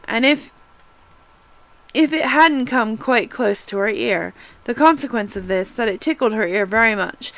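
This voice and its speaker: A woman reading a classic storybook aloud, expressive, with small restarts now and then. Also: on the high side, poor audio. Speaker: reader.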